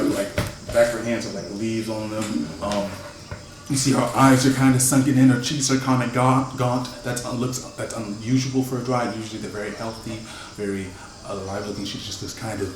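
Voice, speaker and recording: A man's voice: on the low side, level tone. Hesitant man narrating a tabletop game. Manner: halting, many fillers and restarts. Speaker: game master. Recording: echoey room far from the mic with noise.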